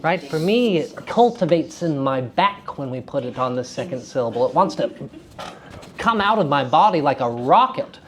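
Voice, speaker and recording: A man teaching a class of young actors, lively and enthusiastic, often checking in with questions to his students. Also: on the high side, normal speed. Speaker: theater teacher giving a lecture. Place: school hall with student audience.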